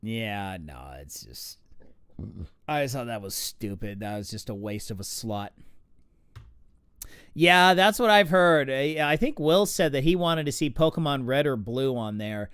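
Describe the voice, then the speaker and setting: A man's voice: medium pitch, very animated, unhurried, fairly bright tone, clean tone, no echo, studio quality. A man hosting a game stream, chatting casually and getting distracted by his game, with lots of fillers. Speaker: streamer host. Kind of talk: casual chat while gaming.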